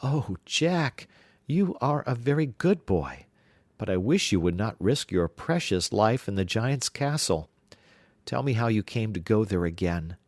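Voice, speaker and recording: A man's voice: fairly low pitch, very animated, unhurried, no echo. A man doing a worried, loving mother. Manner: gentle, anxious pleading.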